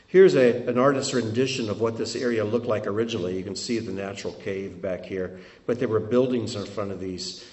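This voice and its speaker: A man giving a sermon while showing travel photos, telling it in an animated way that swings between loud and hushed. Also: lowish voice, fairly quick, echoey room, a little hiss or hum. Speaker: preacher.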